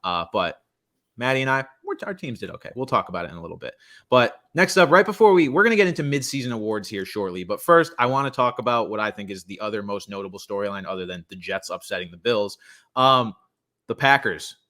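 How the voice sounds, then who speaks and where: A man's voice: on the low side, expressive, pushed and bright. Young male co-host, casual sports chatter, wry humor. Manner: chatty, quick asides, self-deprecating humor. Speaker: podcast co-host. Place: friend's home.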